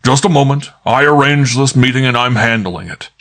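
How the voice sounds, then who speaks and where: A man's voice: fairly low pitch, normal speed, fairly bright tone. A man voicing an authoritative older male detective in an audiobook, formal and precise. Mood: commanding. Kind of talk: audiobook character voice.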